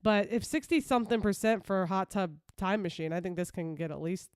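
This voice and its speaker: A woman's voice: medium pitch, fairly quick, darkish tone, clear, resonant tone, no room sound, studio quality. A woman co-hosting a podcast in casual chat, rambling and full of fillers. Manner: chatty, rambling, filler-heavy. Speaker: podcast co-host.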